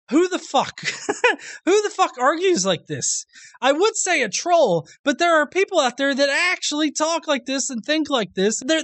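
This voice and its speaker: A man's voice: extremely high pitch, fairly bright tone, no room sound. A man hosting a reaction commentary video, sarcastic and profane, laughing often at what he responds to.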